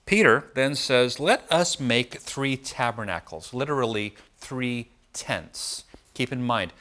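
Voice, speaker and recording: A man's voice: mid-range voice, fairly bright tone. A man preaching a Bible study, explaining scripture in a conversational way and often checking in with his listeners.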